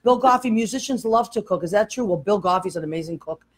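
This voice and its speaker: A woman's voice: medium pitch, fast. Chatty older woman hosting. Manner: chatty, animated storyteller. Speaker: host. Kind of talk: casual chat.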